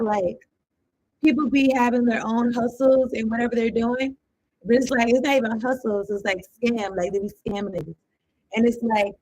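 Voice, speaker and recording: A woman's voice: on the high side, a little mellow, no echo, poor audio. A woman giving a casual tarot reading. She rambles and thinks aloud in loose slang, with some swearing. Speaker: tarot card reader.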